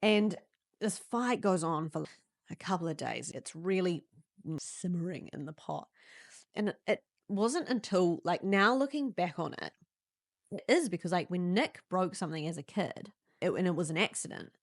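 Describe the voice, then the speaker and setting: Brief: young New Zealand woman, podcast host, low-pitched, candid personal storyteller, dry close sound. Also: normal speed, no echo. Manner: animated, acts out quotes in sudden high voices.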